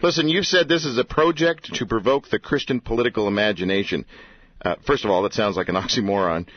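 A man's voice: lowish voice, fast, dry recording. A man hosting a radio interview, joking and teasing his guest, on a dull lo-fi radio recording. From Canada. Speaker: radio host.

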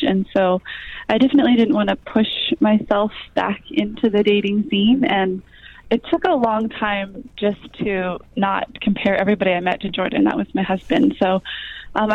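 A woman in her twenties, a guest in an interview, speaking softly with many ums and likes. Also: medium pitch, dull audio. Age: 20s. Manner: soft-spoken, frequent ums and likes. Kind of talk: interview conversation.

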